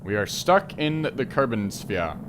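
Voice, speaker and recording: A young man talks through his gameplay in a chatty, let's-play manner. His pitch swings widely, from low, trailing asides to excited shouts when things go wrong. A faint hiss runs under the recording. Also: measured pace. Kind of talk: game commentary.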